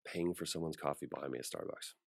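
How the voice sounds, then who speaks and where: Male voice actor, deep and dry-miked, a relaxed interview guest who brings his anecdotes to life. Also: quick pace, creaky, no room sound. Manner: animated storyteller acting out quoted voices. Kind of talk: casual interview storytelling.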